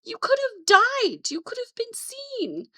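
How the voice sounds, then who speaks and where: A shrill, scolding middle-aged mother witch with a put-on British accent, as a woman imitates her. Her voice jumps high and sharp as she fires off worried reproaches. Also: very animated, takes it slowly, heavily acted. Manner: shrill, scolding, rising outbursts.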